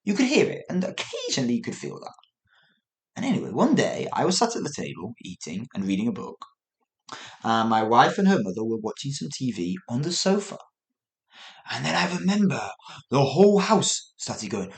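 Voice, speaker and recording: Animated man telling a story. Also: mid-range voice, moderate pace, vocal fry. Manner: animated, acts out sounds with noises, corrects himself mid-sentence. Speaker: English teacher podcast host. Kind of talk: casual storytelling monologue for learners.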